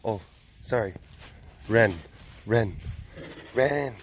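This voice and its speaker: A man vlogging at a wild animal facility, cooing in high baby talk at the animals and joking between stories about them. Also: very slow, a little hiss or hum. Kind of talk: casual vlog talking to animals.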